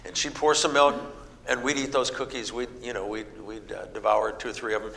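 A man's voice: medium pitch, brisk, creaky. A middle-aged man preaching a sermon, telling folksy stories and acting out the people in them. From American Midwest. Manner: folksy storytelling, animated voices for quoted people. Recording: reverberant hall with faint noise.

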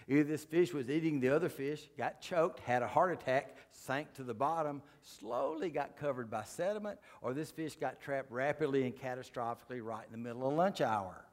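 A man giving a folksy, joking lecture with slides to a live audience, delivering dry punchlines. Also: fairly high pitch. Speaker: creation science speaker. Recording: long hall reverb.

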